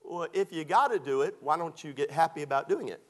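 A man, preaching a sermon that moves between lively scripture reading and folksy storytelling. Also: on the high side, a little fast.

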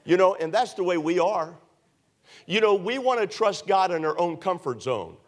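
A man's voice: high voice, animated, moderate pace. A man preaching a sermon as pastor, earnest and repetitive, with many rhetorical questions and frequent "uh".

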